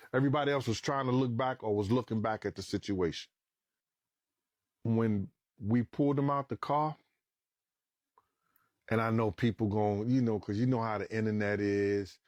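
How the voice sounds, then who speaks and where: A middle-aged man telling a story as a podcast guest in a casual, animated way, swearing freely and acting out what people said. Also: on the low side, normal speed, no echo, clean studio sound. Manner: animated, acts out quoted dialogue, swears freely.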